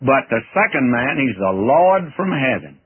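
A man's voice: medium pitch, very animated, a little slow, breathy edge. A man teaching the Bible verse by verse in a folksy, earnest, emphatic way. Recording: tinny old radio broadcast.

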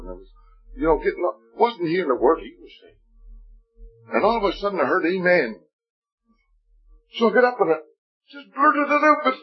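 Telling a story in a testimony sermon, this preacher acts out each character's voice in quoted dialogue. He sits high in pitch and sounds husky and sing-song, moving briskly but leaving long pauses. Soft music plays in the background of the dull, lo-fi recording.

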